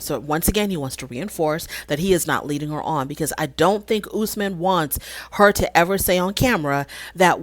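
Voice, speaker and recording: Woman host recapping episodes, opinionated, slightly low voice, dry close mic. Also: moderate pace, no room sound. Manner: opinionated, animated retelling with quoted dialogue. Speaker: reality show recapper. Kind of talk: casual recap commentary.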